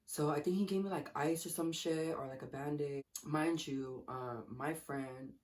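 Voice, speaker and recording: Profane, animated young woman telling a story. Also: deep voice, unhurried. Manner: profane, animated, acts out quotes. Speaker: vlogger. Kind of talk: casual storytelling while eating.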